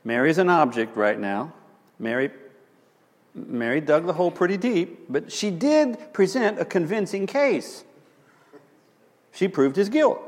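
A man's voice: a little high, long reverb tail. A man teaching about marriage conflict, telling stories with wry asides. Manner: animated, storytelling, wry asides.

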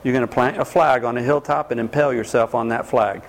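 A man's voice: mid-range voice, quick pace. A man speaking as a counselor, lecturing an audience, acting out quoted voices and putting questions to the listeners. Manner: animated, acts out quoted voices, quizzes the audience.

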